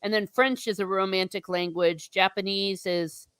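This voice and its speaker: An American woman hosts a casual online book chat, lively and talkative, stopping often to read out viewer comments. Her voice sits in a middle range and sounds dry and close, with no room around it. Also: medium pitch, moderate pace, smooth, no echo. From United States. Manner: chatty, animated, reads viewer comments aloud. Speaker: host.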